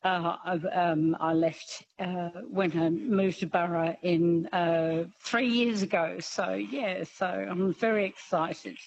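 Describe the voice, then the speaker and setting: Woman, radio caller, low voice, slow, rambling, dull line, faint noise. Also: fairly even intonation, vocal fry, a little mellow. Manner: eager, rambling. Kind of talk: phone-in chat.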